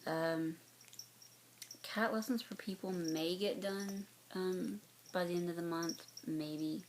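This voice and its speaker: A woman's voice: on the low side, steady tone, slow, background noise. A woman from North Carolina with a light Southern accent, chatting casually to her viewers with lots of fillers and restarts. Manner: rambling, many fillers and restarts. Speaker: cross-stitch vlogger. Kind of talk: casual chat to camera.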